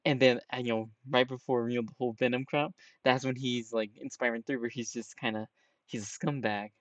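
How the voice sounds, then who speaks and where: A man's voice: mid-range voice, steady tone, fairly quick, no room sound. A man giving casual, rambling reaction commentary on a game trailer, peppering his talk with "you know" and "right?". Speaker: trailer reviewer.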